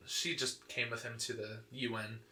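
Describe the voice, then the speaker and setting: A man hosting a podcast, recapping a comic story in casual, animated chat, full of "like" and quick laughs. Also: medium pitch. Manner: animated, laughing, lots of fillers like "like". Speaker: podcast host. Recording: echoey room.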